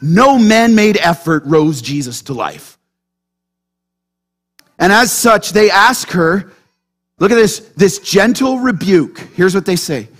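High-voiced animated male pastor. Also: takes it slowly, long pauses, soft background music. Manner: animated, keeps checking in with the congregation through questions. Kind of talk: sermon.

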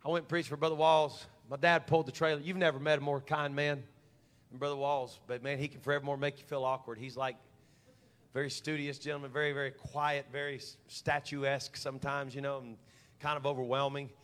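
A man's voice: medium pitch, level tone, fairly quick, fairly bright tone. A man in his forties preaching a sermon as a humorous, folksy story. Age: 40s.

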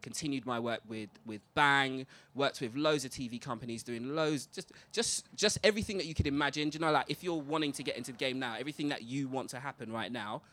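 A man's voice: medium pitch, fast, hardly any pauses, bright, forceful tone. A man on a live panel, telling his career story in a casual, slangy way. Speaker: panel guest, presenter. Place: live event venue.

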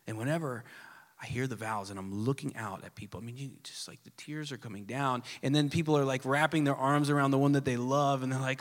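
A man's voice: medium pitch, fairly quick. Earnest man preaching in a reverberant hall. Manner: earnest, swings between emphatic and hushed soft delivery. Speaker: pastor. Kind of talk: sermon. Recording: long reverb of a large hall.

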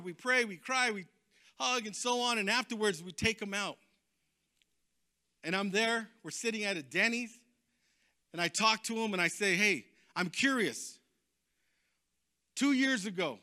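A man preaching, telling a personal testimony in a lively, emphatic storytelling way. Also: high-pitched. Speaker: guest preacher. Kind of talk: testimony sermon.

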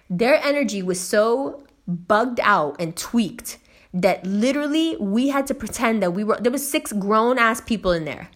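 A woman's voice: fairly high pitch, expressive, unhurried. Young woman, slangy storytelling rant, heavy swearing, emphatic. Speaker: host.

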